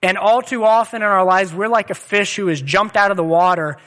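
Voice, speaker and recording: High, bright-voiced young male pastor. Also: steady tone, brisk. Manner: conversational, earnest preaching with personal stories. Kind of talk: sermon.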